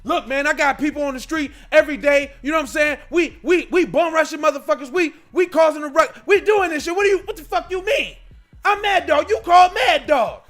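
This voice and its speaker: A man voicing a loud, hotheaded, profane male street crew boss who shouts defensively. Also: extremely high pitch, brisk, pitched above the performer's own voice. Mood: boastful.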